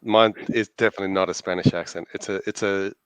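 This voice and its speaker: A man with an Australian accent co-hosting a podcast, explaining things in an easygoing, halting way. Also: deep voice, fairly even intonation, clean tone, dry recording. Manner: easygoing, laughs often, halting. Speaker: podcast co-host. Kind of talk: casual chat.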